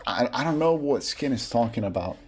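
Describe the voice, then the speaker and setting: A man's voice: medium pitch, animated, a little fast, a little hiss or hum. A young man casually chatting and joking with his live-stream chat while playing a game. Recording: loud game music behind voice.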